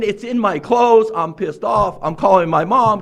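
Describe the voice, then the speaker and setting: A man with a fairly high voice stands up at a recovery meeting and tells his own story. He is wry and self-mocking, laughing often as he talks in a meeting room. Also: measured pace, vocal fry, a bit bright. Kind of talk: humorous personal recovery story.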